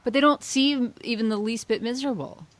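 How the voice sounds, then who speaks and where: A woman co-hosting a casual political chat podcast, sarcastic and quick to mock opposing views in asides. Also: fairly high pitch, slight background noise. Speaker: podcast co-host.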